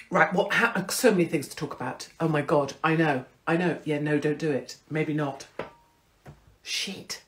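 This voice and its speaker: A woman's voice: low voice, normal speed. A middle-aged British woman hosting her own show, talking in a brash, self-mocking monologue full of swearing. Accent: British English. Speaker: host. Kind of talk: casual monologue.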